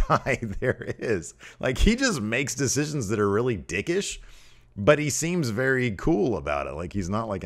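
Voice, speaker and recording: A man hosting a podcast, casually recapping a wrestling show with lots of ums and rambling asides. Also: mid-range voice. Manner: mimics wrestlers in raised voices when quoting. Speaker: podcast host reviewing wrestling.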